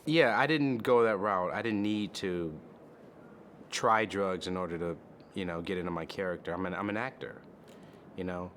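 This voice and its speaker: A man's voice: low voice, moderate pace, a bit bright, slight background noise. A man, an actor, speaking in a dry, dismissive way.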